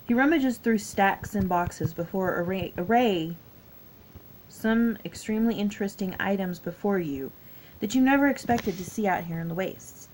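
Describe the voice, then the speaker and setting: A tired woman with a Southern US accent reads a text adventure game aloud, breaking off to chat with herself between passages. She stumbles over longer words and laughs at her own slips. Her voice sits at an ordinary pitch for a woman, with a faint hiss behind it. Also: moderate pace, a little mellow, low-quality recording. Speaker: gaming YouTuber.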